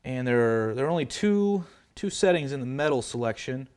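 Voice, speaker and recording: A man's voice: medium pitch, expressive, brisk, a little mellow, clear, resonant tone. A man giving a casual product demonstration of a guitar amplifier, explaining settings loosely with frequent fillers and hedges. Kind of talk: casual product demo walkthrough.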